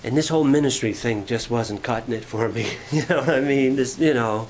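A man preaching a sermon, shifting from quiet storytelling to rising, fervent preaching. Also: medium pitch, brisk, slight background noise, poor audio. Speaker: pastor.

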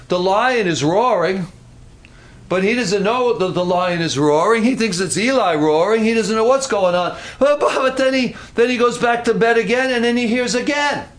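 A man preaching a sermon, telling the story in an animated way and slowing down for dramatic emphasis. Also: high-pitched. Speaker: pastor.

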